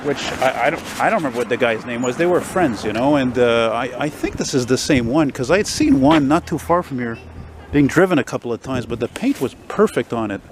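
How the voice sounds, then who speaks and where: A man's voice: mid-range voice, sing-song, fairly quick, a little hiss or hum. A man in his forties from Montreal talks about an old car to camera on a city street, rambling enthusiastically with lots of fillers. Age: 40s. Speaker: classic car vlogger. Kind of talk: casual rambling talk to camera.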